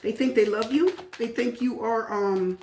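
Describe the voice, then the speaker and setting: A woman reading tarot cards in a chatty, easygoing way, circling back over her points. Her voice sits a little high, and the room around her sounds echoey, with a faint hiss behind it. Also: measured pace, a little mellow. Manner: chatty, repeats phrases, frequent fillers. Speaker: tarot reader.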